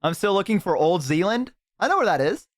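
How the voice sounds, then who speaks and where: A young man streaming and chatting casually with a friend on a call, excitable and swearing a lot, with sudden high-pitched outbursts. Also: brisk, dry recording, clean studio sound. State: has the hiccups.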